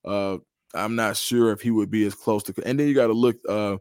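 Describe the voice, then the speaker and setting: A man with a lowish voice, speaking a bit quickly and smoothly, appears as a guest analyst on a podcast interview. He breaks down football recruiting with confident analysis and animated storytelling. The audio is clean studio sound with no room noise.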